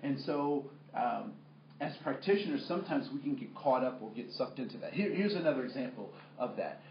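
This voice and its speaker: A man's voice: medium pitch, animated, a little fast, a little hiss or hum. A man leading a workplace training workshop in a conversational way with many fillers, asking the room questions. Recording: echoey room, muffled sound.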